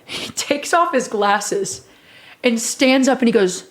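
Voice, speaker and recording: A woman's voice: a little high, expressive, slow pace, fairly bright tone. A woman streamer telling a rambling story in a casual, profane way, often laughing.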